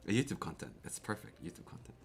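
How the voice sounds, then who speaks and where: A young man from Canada chatting casually on a live stream, excitable, laughing often and repeating his words. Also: quick pace, noisy background. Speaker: keyboard streamer.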